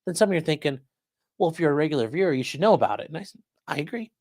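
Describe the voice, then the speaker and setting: A man's voice: a little high, expressive, very fast, a little mellow, no room sound, studio quality. A man hosting a livestream, chatting casually and reading out viewer comments with loose, repetitive phrasing. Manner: loose and conversational, many fillers, repeats phrases. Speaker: host of a legal commentary livestream.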